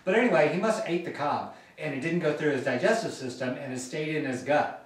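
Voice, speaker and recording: A man hosting a gardening vlog, telling a gross story in a jokey, animated way, often laughing. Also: a little high, fairly quick. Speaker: gardening channel host. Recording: echoey room, voice from a distance.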